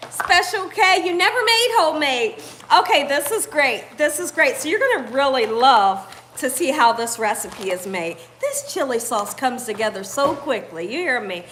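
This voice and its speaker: A woman's voice: sits high, lively intonation, moderate pace, fairly bright tone, a little hiss or hum. A woman hosting a live cooking stream from her home kitchen. She chats with viewers, greets them by name and laughs often. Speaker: cooking channel host.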